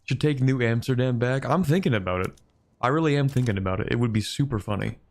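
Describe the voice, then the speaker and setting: A man streaming a strategy game live, talking to chat and bargaining aloud with computer opponents in an animated, joking way. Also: medium pitch, fast, a little hiss or hum. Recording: faint music behind.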